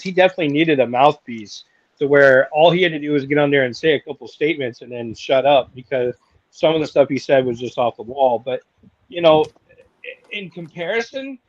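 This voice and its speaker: A man's voice: a little high, dry recording, highs cut off. A man in his forties co-hosting a casual wrestling talk show, rambling with lots of fillers. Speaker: podcast co-host.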